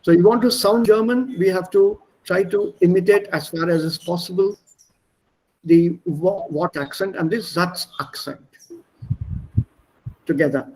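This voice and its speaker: A man's voice: sits high, unhurried, pauses often, a little mellow, low-quality recording. A middle-aged man with an Indian accent teaching an online class over a video call, explaining at length, repeating himself and spelling words aloud. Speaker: language teacher.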